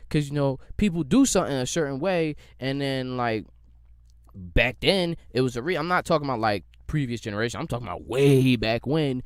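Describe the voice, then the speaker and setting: A young man hosting a solo podcast, delivering a heated, profane, animated rant. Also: mid-range voice, fairly quick, clear, resonant tone, dry recording, clean studio sound. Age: young adult. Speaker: podcast host. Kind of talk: solo ranting monologue.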